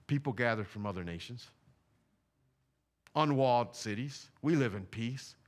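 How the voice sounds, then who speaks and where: A man's voice: medium pitch, unhurried. A man preaching a sermon in a church, talking in a loose, conversational way with slang and repeated phrases. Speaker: pastor. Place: church sanctuary.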